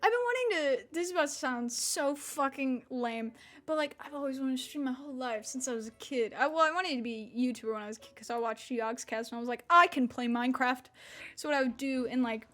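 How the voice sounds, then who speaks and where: High-voiced young woman rambling on stream. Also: fast talker. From Mississippi. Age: about 20. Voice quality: unusual slack-jawed accent. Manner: rambling, swears, laughs often. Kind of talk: casual stream chat.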